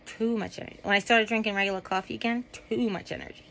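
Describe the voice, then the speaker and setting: A woman's voice: mid-range voice, steady tone, fast, creaky, fairly bright tone, a little hiss or hum, low-quality recording. A woman vlogging casually from home while lying down, rambling with many ums and asides. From United States. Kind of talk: casual chat to camera.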